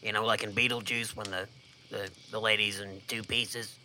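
Man, comedy podcast co-host, folksy deadpan storytelling, very bright voice. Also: on the low side, moderate pace, slight background noise. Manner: folksy, drawling deadpan delivery.

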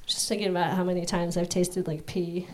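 A woman doing a stand-up set on stage, rambling and self-deprecating in a high-strung way. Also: flat delivery, brisk, very noisy. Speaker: stand-up comic. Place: comedy club stage. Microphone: stage microphone.

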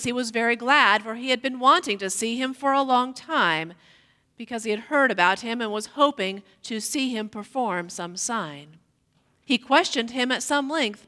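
A woman giving a measured, deliberate scripture reading, slowing down on key lines, in a church sanctuary. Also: fairly high pitch, sharp tone, in a large hall. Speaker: scripture reader.

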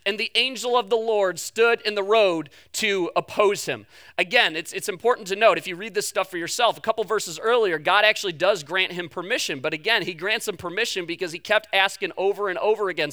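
A man's voice: high-pitched, sharp tone. A man in his thirties preaching a sermon, conversational and emphatic, weaving family stories into a Bible passage. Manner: conversational, storytelling, emphatic on key points. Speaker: pastor.

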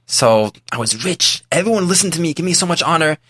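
A man's voice: a little high, expressive, brisk, bright, forceful tone, dry recording, studio quality. A man voicing a repentant rich old man. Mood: confessional. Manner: earnest, confessional first-person telling. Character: repentant rich man, former priest, older.

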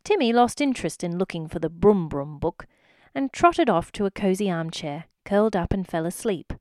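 A woman's voice: fairly low pitch, lively intonation, moderate pace, a little mellow, no room sound, clean studio sound. A woman reading a children's story aloud expressively, speaking directly to the listener.

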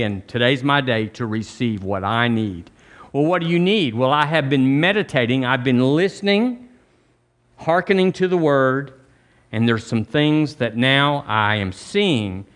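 A man's voice: mid-range voice, a bit bright. A male pastor, preaching a sermon in a folksy, conversational way, repeating phrases and asking the congregation to answer back. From Alabama, US. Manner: folksy, repetitive, conversational preaching with call-and-response. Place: church.

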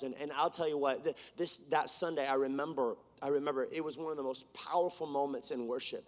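A man who leads worship, preaching a sermon in an earnest way that swings between fervent declarations and hushed storytelling. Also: mid-range voice, steady tone, fairly quick, few pauses, in a large hall. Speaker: worship leader. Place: church.

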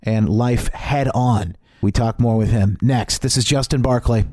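A man's voice: medium pitch, unhurried, warm tone, dry recording. A male radio host with a mid-range voice, recorded close and dry in the studio. He asks questions in a folksy way, teasing as a devil's advocate and laughing along with his guest. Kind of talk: radio interview hosting.

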